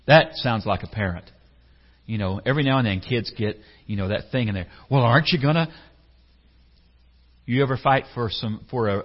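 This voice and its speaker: Husky-voiced preacher in an echoey hall. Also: male voice, mid-range voice. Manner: conversational, asks the congregation questions, acts out quotes. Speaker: pastor. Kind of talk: sermon. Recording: echoey hall, slightly dull sound.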